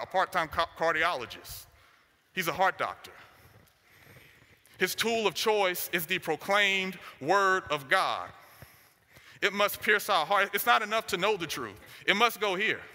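A man's voice: high-pitched, expressive, a little slow, sharp tone. A man preaching a sermon, driving his points home with short, repeated declarations. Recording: long hall reverb.

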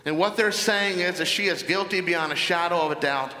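A man preaching in a church, slowing down to stress key words as he walks through a Bible passage. His voice is high and bright, and it rings out into a large hall with a long, echoing reverb. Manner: deliberate, emphatic Bible exposition. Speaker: pastor. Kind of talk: sermon.

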